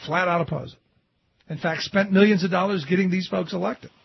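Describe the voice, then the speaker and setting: High-pitched husky sarcastic talk host. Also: male voice, a little fast, no echo. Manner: animated and sarcastic, mimicking opponents in quotes. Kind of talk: political commentary talk show. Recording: dull lo-fi dry studio sound.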